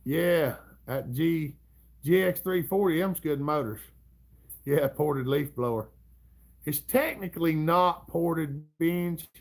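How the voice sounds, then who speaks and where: A man's voice: a little high, slow, creaky. A middle-aged man with a Southern US accent, hosting a casual livestream and chatting in a drawling, chuckling, folksy way. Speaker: livestream host. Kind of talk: casual live chat reading comments.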